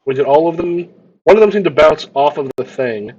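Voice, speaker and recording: Halting, higher-voiced male game master. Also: expressive, a little mellow, husky, lo-fi sound. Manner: halting, repeats words while describing. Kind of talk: narrating a tabletop game.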